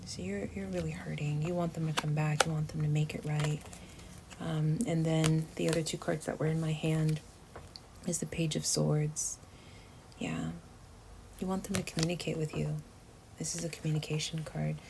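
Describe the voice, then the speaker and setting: A woman with a low-pitched voice talks her viewers through a tarot reading. She is chatty and emotive, and often drops to a near whisper. A steady background noise sits under the recording. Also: moderate pace, gravelly. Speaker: tarot reader. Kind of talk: casual tarot reading to camera.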